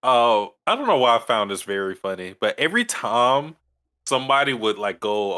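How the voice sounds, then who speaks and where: A man co-hosting a podcast in casual chat, halting and repeating words as he recounts scenes. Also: medium pitch, animated, sharp tone. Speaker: podcast co-host.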